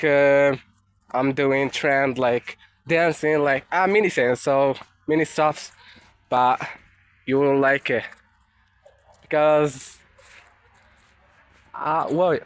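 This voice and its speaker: A young man from Morocco chatting casually while walking through a forest on a rainy day, halting and searching for words in English. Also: mid-range voice. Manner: soft, unhurried talk while walking. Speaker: nature vlogger. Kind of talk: casual walking vlog chat.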